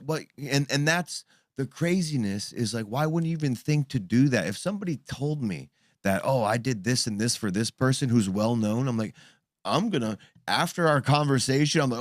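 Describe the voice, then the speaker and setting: Profane, animated man in his thirties. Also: mid-range voice, fairly quick, no room sound, studio quality. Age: 30s. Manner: animated, profane, acts out quoted voices. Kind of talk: casual chat.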